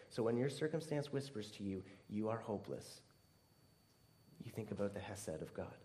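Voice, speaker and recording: A man preaching a sermon earnestly, swinging between emphatic stress and hushed, tearful softness. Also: medium pitch. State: near tears at times.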